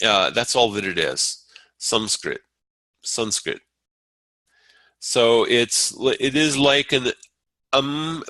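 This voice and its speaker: A man teaching a Sanskrit class, explaining at an unhurried pace with frequent fillers and restarts. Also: medium pitch, pushed and bright, no room sound, poor audio. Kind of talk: lecture.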